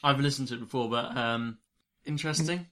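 A man hosts a casual podcast, chatting loosely and laughing through his sentences. His voice has an ordinary middle pitch. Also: brisk, a bit bright. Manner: chatty, laughs while talking. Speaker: podcast host.

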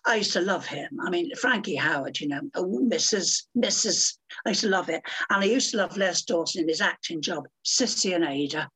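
Husky, theatrical older woman. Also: lowish voice, a bit bright. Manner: theatrical, calls people dear and my love. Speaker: guest. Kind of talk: chatty interview anecdotes.

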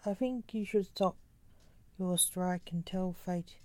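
Nervous reaper guy, woman reading him, low and slow. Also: darkish tone, no echo. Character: Morton, nervous male grim reaper.

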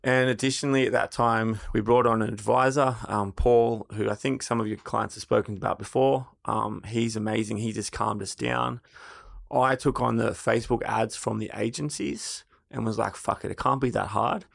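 A man's voice: medium pitch, steady tone, moderate pace, vocal fry, no echo, clean studio sound. A young Australian man, a brand co-founder, telling his business story in a casual interview, candid and prone to swearing.

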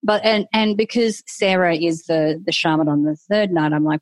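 A middle-aged woman tells a personal story in a casual, candid way. Her voice sits a little low for a woman, and she lively acts out her own thoughts. The sound is dry and close, with no room echo. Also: moderate pace. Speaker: guest.

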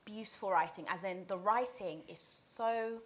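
A woman's voice: medium pitch, moderate pace. A woman whose first language is not English, chatting on a podcast, hesitant and self-deprecating. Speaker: podcast co-host. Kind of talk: casual chat.

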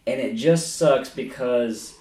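A man's voice: mid-range voice, slow pace, warm tone, far from the mic. A man hosting a casual film-review podcast, ranting with plenty of profanity and frequent laughter. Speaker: podcast host. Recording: echoey room, set back from mic.

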